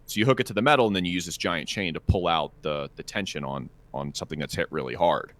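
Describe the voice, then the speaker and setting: Deep-voiced, profane male storyteller. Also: fast, a bit bright. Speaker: podcast co-host. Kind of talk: casual chat.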